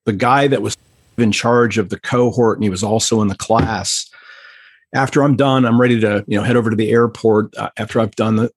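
A man's voice: fairly low pitch, breathy edge, dry recording. A man earnestly telling an emotional personal story as a podcast guest, then explaining a prayer practice. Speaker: podcast guest, pastor trainer. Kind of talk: conversational storytelling.

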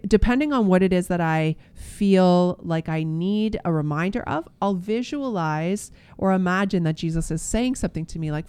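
A woman's voice: fairly low pitch, darkish tone, clear, resonant tone. A woman co-hosting a casual faith podcast, talking earnestly and gushing, often trailing off mid-sentence. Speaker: podcast co-host.

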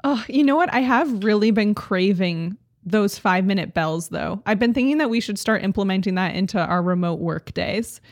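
A woman's voice: mid-range voice, expressive, moderate pace, few pauses, dry recording, clean studio sound. A woman co-hosting a podcast in casual chat, giggly and sympathetic. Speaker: podcast co-host.

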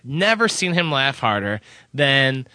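Man, radio host, casual banter, lively pitch, dry close sound. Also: unhurried, dry recording.

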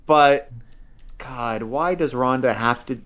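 A man's voice: medium pitch, slow pace, fairly bright tone. A man co-hosting a casual podcast, chatting in a rambling way with fillers. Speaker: podcast co-host. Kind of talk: casual chat.

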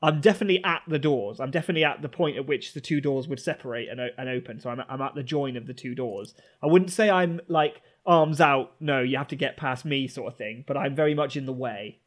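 A man's voice: mid-range voice, fast talker, hardly any pauses. A man playing his character in a tabletop game, speaking earnestly in character. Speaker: player.

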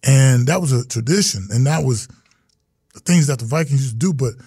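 A middle-aged man who used to play pro football talks fairly quickly in a casual interview, earnestly telling stories and acting out the voices he quotes. His medium-pitched voice is warm and husky, in studio quality with no echo.

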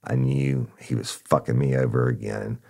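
Ex-cop storyteller, very deep gravelly voice, blunt and profane. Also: male voice, huge pitch swings, normal speed, mellow. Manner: blunt, profane, conversational, addresses listeners as y'all. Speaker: podcast storyteller, former cop.

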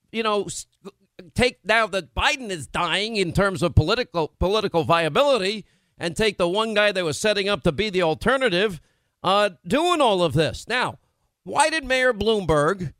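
A man hosts political talk radio in a fairly high voice, pressing his points emphatically. He is combative and adds sarcastic asides. The sound is dry and close, with no room in it. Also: fairly bright tone, no echo. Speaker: radio talk show host.

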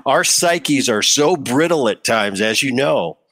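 A man's voice: mid-range voice, measured pace. A middle-aged man hosting a podcast, telling stories in casual chat and acting out what others said. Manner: storytelling, animated, quotes others. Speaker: podcast host.

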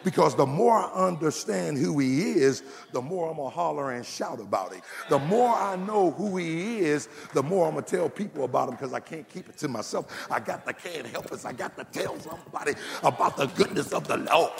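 A pastor delivers his sermon with emphatic, swooping energy that climbs into shouts. His voice sits a little high for a man and carries a gravelly edge. The sound rings with the long reverb of a large church hall. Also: lively intonation, moderate pace. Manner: emphatic preaching, rising to shouts.

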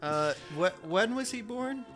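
A man's voice: high-pitched, lively intonation, slow pace, over music. A man co-hosting a casual chat about old records, joking and rambling into asides. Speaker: podcast co-host.

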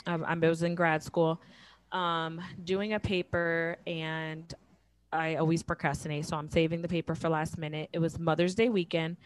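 A woman in her thirties telling a personal story in casual chat, acting out quoted lines with lively jumps in pitch. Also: normal speed, clear, resonant tone. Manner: animated, acts out quotes with big pitch jumps.

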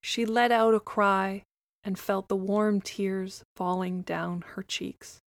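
A woman narrating a children's story in a gentle, expressive way. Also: medium pitch, slow, no echo, clean studio sound.

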